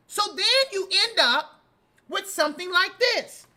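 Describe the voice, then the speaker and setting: A woman's voice: very high-pitched, expressive, a little slow, bright, forceful tone. A middle-aged woman hosting a casual commentary show, sassy and scolding, breaking into laughs as she lectures. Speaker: host.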